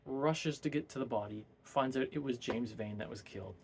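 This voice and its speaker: Male book reviewer for a casual, rambling plot retelling. Mid-pitched voice with a gravelly fry. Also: normal speed, a little mellow, a little hiss or hum. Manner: rambling, hesitant, many fillers.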